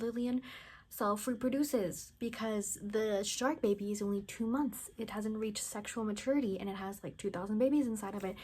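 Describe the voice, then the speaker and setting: A woman's voice: a little high, husky. A woman casually recapping a film plot, rambling and chatty with lots of "like" and blunt, mocking asides. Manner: rambling, chatty, heavy use of "like", acts out characters' lines. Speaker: movie reviewer.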